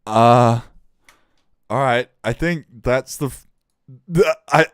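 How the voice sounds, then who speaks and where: A man hosting a casual livestream, reacting with excitement to listeners' tracks, swearing often and giving shout-outs. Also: medium pitch, takes it slowly, clean tone, no room sound, clean studio sound.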